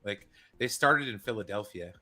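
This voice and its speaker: A man with a bright, sharp voice from Northern California talks sports on a stream. He is enthusiastic and casual, swearing freely and calling everyone "dude.". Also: fairly low pitch, normal speed. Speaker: guest co-host.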